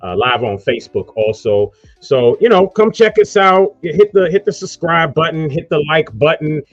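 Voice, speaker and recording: A man's voice: fairly high pitch, animated, moderate pace, no room sound, highs cut off. A man hosting a casual online radio talk show, rambling loosely through promos and introductions. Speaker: host.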